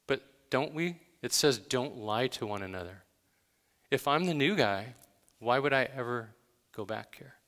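A man's voice: medium pitch, fairly bright tone. A male pastor giving a conversational, emphatic sermon, telling everyday stories with dramatic gasps. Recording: long hall reverb.

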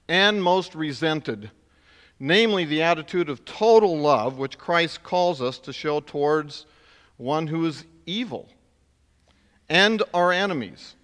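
Bright-voiced preacher in a reverberant hall. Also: male voice, on the high side. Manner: conversational, building to emphatic peaks. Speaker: pastor. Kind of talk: sermon. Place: church sanctuary.

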